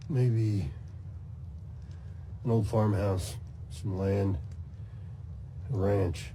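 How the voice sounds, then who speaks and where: A man speaking slowly and calmly in a low, mellow voice. His plainspoken delivery carries faint noise in the background.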